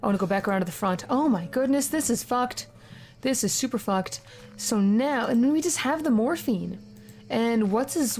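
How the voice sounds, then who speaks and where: A woman playing a horror video game, reacting excitedly with frequent swearing and reading the on-screen text aloud. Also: a little high, moderate pace, faint music behind. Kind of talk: casual let's-play commentary.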